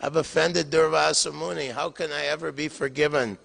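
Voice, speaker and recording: A man's voice: on the high side, fairly even intonation, moderate pace, vocal fry, fairly bright tone, exaggerated voice. A fretful old mother-in-law, as an older man tells it. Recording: long hall reverb.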